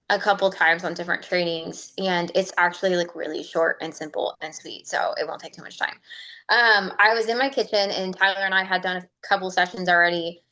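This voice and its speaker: A woman telling her personal story on a group coaching call, chatty and animated, laughing often over a video call. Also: medium pitch. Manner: chatty and animated, laughs often, slips into quoting her own self-talk.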